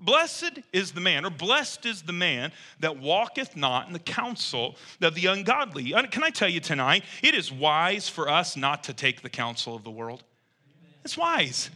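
A man preaching a sermon as pastor, shifting between conversational asides and emphatic, loud bursts. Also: fairly high pitch, very animated, moderate pace, hardly any pauses. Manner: conversational, quotes imagined listeners.

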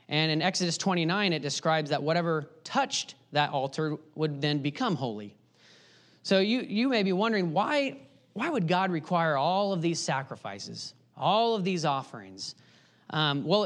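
A man's voice: fairly high pitch, a bit bright. A man preaching a sermon, explaining his points earnestly and pressing harder on the key ones. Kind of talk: sermon teaching.

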